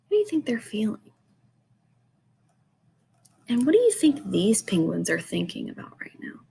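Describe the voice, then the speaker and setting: A woman who teaches, reading a picture book aloud to children and gently asking them questions about it. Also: medium pitch, sing-song, moderate pace, vocal fry, slight background noise.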